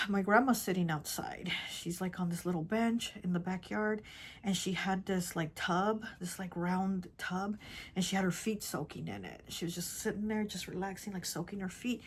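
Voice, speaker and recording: A woman tarot reader telling a personal story in casual chat, rambling and repeating herself, often dropping to a soft, hushed voice. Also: medium pitch, fairly even intonation, normal speed, slight background noise. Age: adult with children. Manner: rambling, repeats herself, many "like" and "you know".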